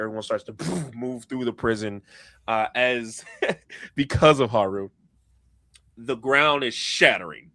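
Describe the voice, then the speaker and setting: A man's voice: medium pitch, fairly bright tone, dry recording. A man narrating as game master of a tabletop role-play, laughing often and talking in a playful, loose way.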